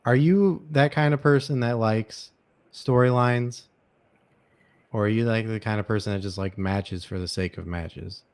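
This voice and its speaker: Young male podcast host, lowish voice that cracks, rambling opinionated chat. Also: unhurried, clean tone. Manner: rambling, opinionated, with many fillers and restarts. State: voice cracking, dry throat. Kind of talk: casual chat.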